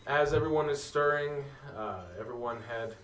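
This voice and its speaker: A man running a tabletop game as game master, narrating in a relaxed way with many "uh" and "so" fillers. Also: fairly high pitch, moderate pace, slight background noise. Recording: roomy, distant mic, faint music.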